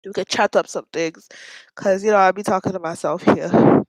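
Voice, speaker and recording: A woman's voice: mid-range voice, steady tone, moderate pace, dry recording, low-quality recording. A woman hosting a casual mukbang livestream from home, chatty and giggling at her own jokes, with a stuffy nose.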